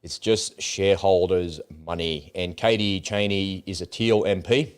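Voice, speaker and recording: Man, Australian accent, lower pitch, blunt, casual political chat, swears often. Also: steady tone, measured pace, smooth. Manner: blunt, swears freely, says "man" a lot. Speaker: podcast co-host.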